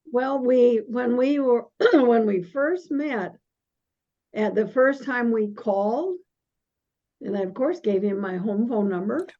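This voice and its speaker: An older woman in a relaxed conversation, her voice mellow and a little high. She speaks slowly, stopping and restarting her sentences. The sound is dull and lo-fi. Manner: halting, with frequent restarts. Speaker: guest. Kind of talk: casual conversation. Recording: dull lo-fi audio.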